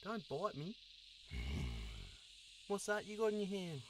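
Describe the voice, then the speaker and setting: A man voicing a crude, friendly male sasquatch in a cartoon, with a sweary, excitable manner. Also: high voice, a little slow, background noise. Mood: eager. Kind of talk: cartoon voice acting.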